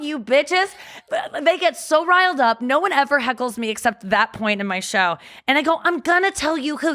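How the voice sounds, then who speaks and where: A woman comedian, a guest on a podcast, telling frank, bawdy stories in casual chat and acting out the quotes. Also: sits high. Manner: frank, bawdy, animated storyteller who acts out quotes.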